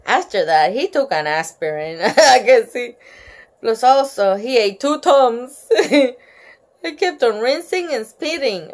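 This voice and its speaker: A woman's voice: a little high, expressive, unhurried. A woman reading a children's book aloud at home, giggling often and breaking off to chat. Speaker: storyteller.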